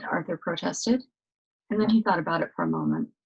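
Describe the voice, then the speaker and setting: A woman reading a novel aloud as a storyteller, with steady, expressive narration. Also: lowish voice, fairly quick, gravelly, breathy edge, rough recording.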